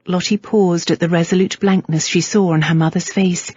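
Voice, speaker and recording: A woman narrating a historical romance audiobook in a measured, even storytelling manner. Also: lowish voice, slightly rough, dry recording, muffled recording. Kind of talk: scripted narration.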